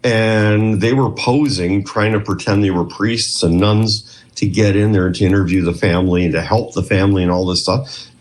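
A man from Canada, a retired police trainer, telling stories as a guest in a rambling, animated way with many restarts. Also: lowish voice, moderate pace. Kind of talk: casual storytelling interview.

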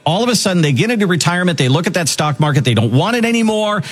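A man's voice: very animated, faint music behind. A man hosting a financial radio show, promoting the team and moving between retirement topics. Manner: upbeat, pitchy delivery, repeats the website slowly.

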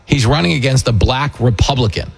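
With a medium-pitched, creaky, slightly rough voice and a somewhat fast pace, this political talk radio host delivers an opinionated monologue. He's combative and sarcastic, mocking others through impressions.

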